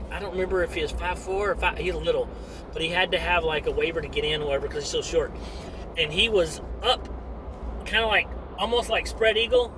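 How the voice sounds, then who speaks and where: A man telling a story casually and in a rambling, animated way for his vlog. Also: high voice, noisy background.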